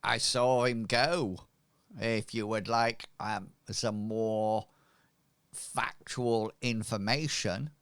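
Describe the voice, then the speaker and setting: A man's voice: on the low side, steady tone, very slow, fairly bright tone, clean tone, dry recording, full character voice. A man voicing a chatty middle-aged woman shopkeeper who hints at gossip for coin. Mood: coy.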